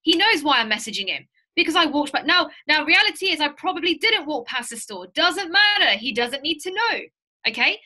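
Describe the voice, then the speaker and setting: Woman, high voice, bright and forceful, sales trainer, animated, storytelling, direct. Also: brisk. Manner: animated, direct, tells stories. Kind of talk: lively training talk to a group.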